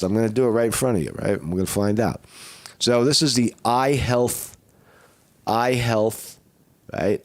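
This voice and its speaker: Hoarse low-voiced man rambling on a live stream. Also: dry recording. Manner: rambling, with many fillers and restarts. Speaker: vlogger doing a live at-home test. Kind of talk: casual live stream talk.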